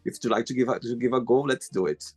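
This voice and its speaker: A man's voice: medium pitch, fast talker, husky, no room sound. A man from Brazil hosting an interview show, friendly and teasing as he asks questions. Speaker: host. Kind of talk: casual interview chat.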